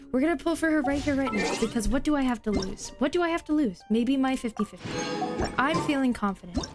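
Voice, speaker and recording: A young woman streaming a game, chatting excitedly to viewers and repeating herself when flustered. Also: on the high side. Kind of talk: casual gaming stream chat.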